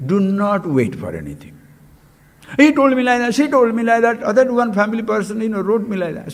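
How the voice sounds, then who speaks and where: A swami gives a spiritual discourse in a high, sweeping voice. He tells his stories with animation, asks rhetorical questions and jabs bluntly at his listeners. The recording carries a long reverb from a hall. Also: very animated, brisk. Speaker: swami giving a spiritual talk. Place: retreat camp hall.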